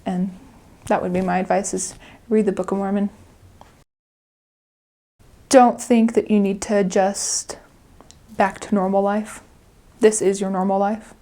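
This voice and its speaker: A woman's voice: mid-range voice, little pitch movement, unhurried, pauses often, warm tone. A young adult woman, a returned missionary, speaking earnestly and chattily in an interview and often breaking into laughter. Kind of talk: interview reflection.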